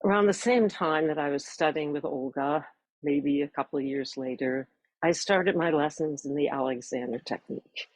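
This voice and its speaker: A woman in her sixties, a voice teacher, earnestly introducing her course at a measured pace with warm emphasis. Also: low voice, no room sound, low-quality recording.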